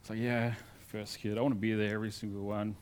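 A male pastor preaching a sermon in a conversational storytelling way, moving between loud emphasis and quiet asides. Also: lowish voice, flat delivery, quick pace.

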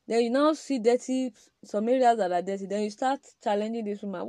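A woman's voice: on the high side, brisk, mellow, no room sound. A woman giving an emphatic, preaching-style podcast talk on marriage, addressing men directly with repeated rhetorical questions.

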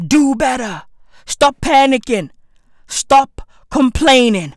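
A woman rants in a high, wildly swinging voice, bragging and cursing while she calls her listeners bruv. She talks slowly and deliberately, and the close recording is dry with no room sound. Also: expressive, dry recording. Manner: boastful, slangy, shouty and laughing, calls listeners bruv. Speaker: comedic podcaster. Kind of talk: profane comedic rant monologue. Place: at home, neighbor's dog nearby.

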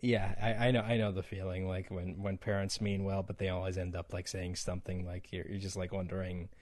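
A man hosting a casual podcast chat, laughing often and trailing off softly. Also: low voice, level tone, a little fast, no room sound, clean studio sound.

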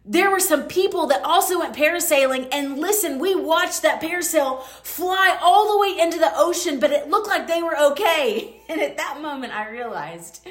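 Chatty woman, high voice. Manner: chatty, animated, full of fillers and quoted asides. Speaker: podcast host. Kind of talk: casual storytelling monologue. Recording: roomy echo.

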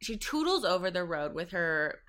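Woman podcasting, rambly and sweary, laughs at her own jokes, bright voice. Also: lowish voice, sing-song, moderate pace. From Canada. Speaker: podcast host. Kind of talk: casual chat.

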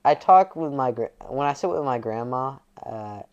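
A young man with a light Southern twang, chatting casually. He is laid-back and jokey, with a crude streak and a middle-pitched voice. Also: lively intonation, normal speed, dull audio. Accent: slight Southern twang. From United States. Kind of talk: casual chat.

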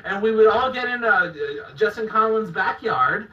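A young man telling crude, animated stories in a casual chat, laughing often. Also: sits high, normal speed. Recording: distant roomy dull mic.

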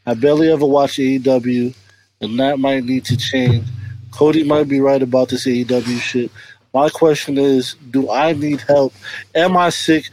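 A man's voice: medium pitch, steady tone, normal speed, darkish tone. A man hosting a podcast in casual chat, joking around and often adding "you feel me". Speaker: podcast host.

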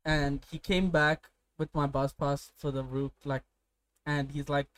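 A young man from India talks casually with a friend, full of swearing and quick anecdotes. His voice sits slightly high. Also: flat delivery, fairly bright tone, no room sound. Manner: profane, storytelling, laughs often. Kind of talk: casual chat.

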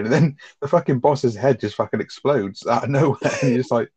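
A man chatting fast and rambling about a film, swearing heavily and laughing. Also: medium pitch, a little mellow, slightly rough, no echo, highs cut off. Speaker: film review podcast co-host. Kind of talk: casual chat, reacting to a film.

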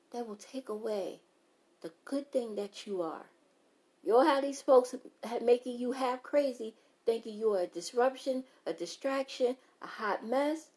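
A woman speaks in a somewhat high voice. She gives an unscripted motivational talk to her viewers. She is blunt and emphatic, repeats her points for weight and swears without holding back. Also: warm tone.

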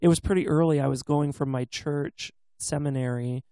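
Man, 30s, casual co-host, gravelly voice, dry close sound, rambling storyteller. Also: fairly high pitch, fairly even intonation, normal speed, dark tone, dry recording. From US West Coast. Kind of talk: casual chat.

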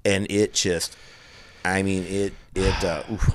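A middle-aged man telling a personal story in an earnest, halting way, often restarting his sentences. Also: low voice, level tone, a little hiss or hum. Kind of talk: candid conversational storytelling.

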